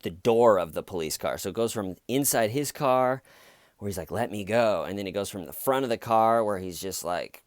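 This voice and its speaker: A man's voice: fairly low pitch, lively intonation, moderate pace, dry recording, clean studio sound. A man telling a story in a casual, rambling way, often restarting and correcting himself. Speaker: channel host.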